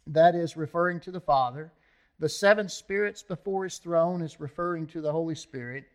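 A man preaching a sermon in a slightly higher voice than most men. He teaches conversationally, then lifts his voice as he reads scripture aloud, pausing to let the listeners finish his phrases. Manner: asks the congregation to fill in words. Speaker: pastor.

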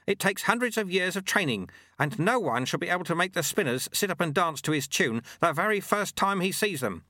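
A man reading an audiobook, voicing a fierce bald old monk who grabs and shouts at his apprentice. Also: high voice, expressive, fairly quick, no room sound, clean studio sound, pitched above the performer's own voice. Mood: urgent shouting. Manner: shouting, urgent, gruff.

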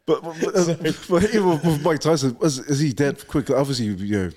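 A man hosting a podcast, asking quick, eager follow-up questions in a casual chat. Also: fairly high pitch, a little mellow. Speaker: podcast host. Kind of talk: casual interview.

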